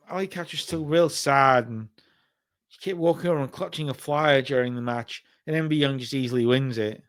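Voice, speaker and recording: A man with a fairly high voice casually narrates a wrestling sim playthrough. He chats through the results, relaxed and offhand. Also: clear, resonant tone. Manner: casual, chatty recapping. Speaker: game commentator.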